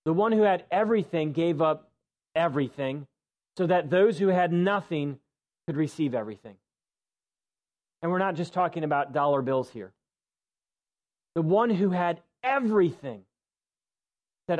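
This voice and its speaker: High-voiced, emphatic male pastor preaching. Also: animated, unhurried, pauses often, highs cut off. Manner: conversational, emphatic, drops low for stress. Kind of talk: sermon. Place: church sanctuary.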